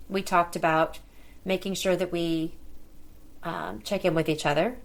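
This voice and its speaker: A woman's voice: lowish voice, steady tone, a little slow, long pauses. A middle-aged woman hosting a podcast, telling a personal story in a conversational way and bringing the dialogue to life as she retells it. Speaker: podcast host.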